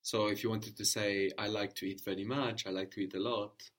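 A man teaching a language lesson, repeating each answer back slowly and checking understanding with a questioning "no?". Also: fairly low pitch, flat delivery.

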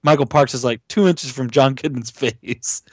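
A podcast co-host with a husky, mid-range voice casually recaps a horror movie at a moderate pace, with no room sound in the recording. He rambles with plenty of fillers and swearing, frequently acting out lines from the film.

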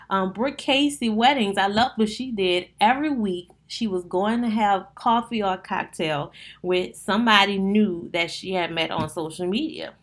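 A woman with a New Orleans accent, a wedding planner hosting a casual solo podcast, chatting straight to her listeners in an animated, down-to-earth way. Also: mid-range voice.

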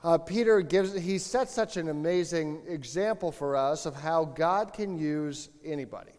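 A male pastor preaching a chatty, conversational sermon in a slightly higher-than-average voice. He often catches and corrects himself as he goes. A long reverb from the church sanctuary trails after his words. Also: a little slow. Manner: chatty, relaxed, frequent self-corrections and asides.

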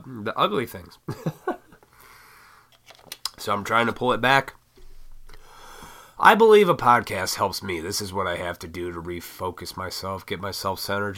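A man with a cold, his voice raspy, hosting a solo podcast and ranting in a heated, profane way. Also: medium pitch, bright, forceful tone. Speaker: podcast host.

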